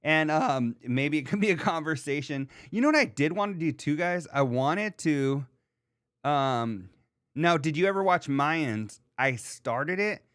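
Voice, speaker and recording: A man hosting a podcast in casual chat, rambling and excitable, with lots of filler words as he answers his live chat. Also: fairly high pitch, a little slow, clear, resonant tone, no echo, studio quality. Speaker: podcast host.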